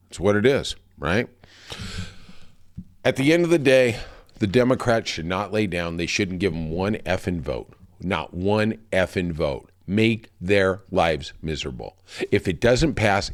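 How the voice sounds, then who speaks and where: A man hosting a podcast, delivering a heated, profane political rant. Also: fairly low pitch. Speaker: podcast host. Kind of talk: political commentary monologue.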